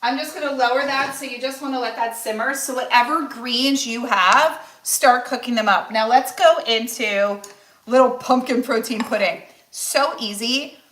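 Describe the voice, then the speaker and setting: A woman's voice: a little high, normal speed, a bit bright, roomy sound, slight background noise. A woman in her forties, a nutritionist and weight loss coach, chatting casually and encouragingly on a cooking livestream with many restarts. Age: 40s.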